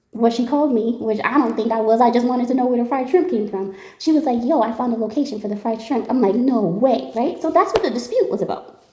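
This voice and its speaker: A young adult woman telling a casual story, animated and slangy, often laughing and quoting people. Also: a little high, reverberant. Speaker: tarot reader telling a story.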